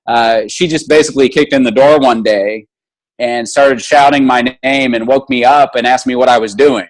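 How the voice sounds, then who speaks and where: Man, interview guest and motivational speaker, earnest storyteller, average pitch. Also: moderate pace, low-quality recording. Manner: earnest, animated retelling with restarts, acting out dialogue.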